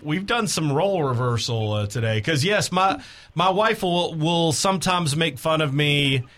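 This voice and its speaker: A man hosting a casual morning radio chat, animated, playful and openly emotional. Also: on the high side, moderate pace. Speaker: radio show host. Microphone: studio microphone.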